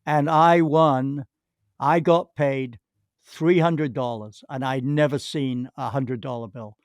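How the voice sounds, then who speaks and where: A man's voice: mid-range voice, fairly even intonation, takes it slowly, no room sound, studio quality. An older man, a podcast guest, telling long rambling anecdotes with many restarts and acted-out quotes. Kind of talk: anecdotal storytelling.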